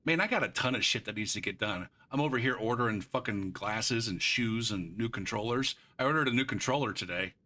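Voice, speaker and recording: A man's voice: on the low side, expressive, fairly quick, few pauses, pushed and bright. A man streaming a game live, ranting about it in a frustrated, profane way and drifting into rambling asides. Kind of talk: live gameplay commentary.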